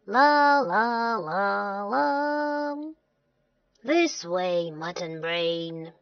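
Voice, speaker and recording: A woman voicing a bored, lonely young shepherd boy who turns shrill and cheeky when he cries for help. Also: very animated, drawn-out words, no echo, heavily acted. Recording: dull lo-fi dry recording.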